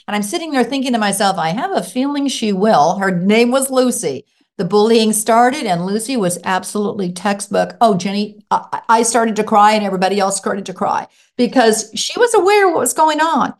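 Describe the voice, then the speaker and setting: Animated woman telling a story. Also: fairly quick. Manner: acts out quotes with big pitch jumps. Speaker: parenting expert guest.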